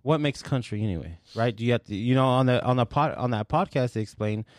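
A man's voice: mid-range voice, fast, dry recording, clean studio sound. A man hosting a casual podcast chat, laid-back and profane, who says "dude" often.

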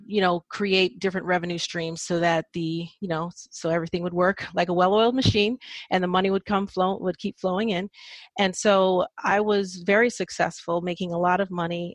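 A woman's voice: lowish voice, fairly even intonation, moderate pace, no room sound. A woman in her thirties, a podcast guest, telling her personal story reflectively with frequent fillers and small laughs.

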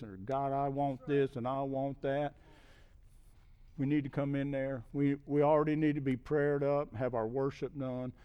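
A middle-aged man preaching a conversational sermon as a guest speaker, often checking in with "okay?" and building to emphatic, loud peaks. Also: mid-range voice, muffled recording. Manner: repeats "okay?" to check in with listeners.

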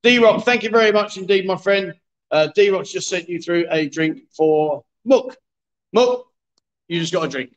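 A middle-aged man runs a live stream from a bar, coaxing the players and teasing them in a chatty, joking way. His voice sits fairly high for a man. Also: unhurried, dull audio. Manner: jokey, coaxing, chatty with viewers. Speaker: livestream host. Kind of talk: live-streamed pool game commentary. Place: bar with a pool table.

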